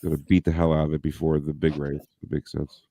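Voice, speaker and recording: A man's voice: extremely low pitch, level tone, fast, mellow, dry recording. A man co-hosting a casual podcast, reading news items aloud and joking with profanity. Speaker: podcast co-host.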